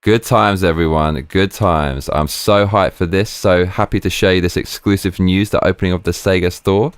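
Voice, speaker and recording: A man's voice: deep voice, normal speed, hardly any pauses, dry recording. Slangy man hosting a stream. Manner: excitable, slangy, chatty. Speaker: streamer host. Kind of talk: live stream commentary.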